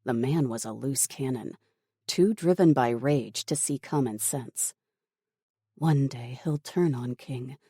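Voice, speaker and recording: Slow, dark-toned audiobook narrator. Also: medium pitch, slightly rough, dry recording, clean studio sound. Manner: measured, dramatic storytelling.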